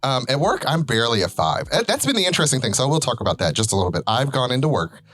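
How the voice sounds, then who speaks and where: A man co-hosting a relaxed podcast talks quickly, his pitch bouncing all over the place. He plays with words and mispronounces them on purpose to keep things amusing, with the chatty energy of a teacher. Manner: playful, deliberately mispronounces words for comic effect; lively and talkative. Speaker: podcast co-host; teacher and presenter. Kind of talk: casual chat.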